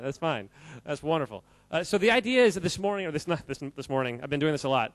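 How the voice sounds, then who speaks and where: A man's voice: on the high side, dry recording. Upbeat man quizzing an audience. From United States. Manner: animated and jokey, quizzing the crowd, often laughing. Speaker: speaker addressing a live audience. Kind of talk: lively audience-interactive talk.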